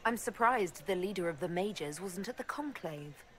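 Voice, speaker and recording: A game heroine asks direct, probing questions. Her pitch moves in a lively way through each line. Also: moderate pace. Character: earnest female heroine, the game's protagonist. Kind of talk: video game voice acting.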